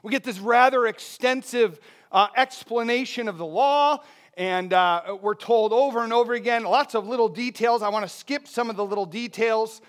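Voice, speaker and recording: Male pastor, high-pitched, easygoing conversational sermon delivery. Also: normal speed, a bit bright. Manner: conversational preaching with rhetorical questions.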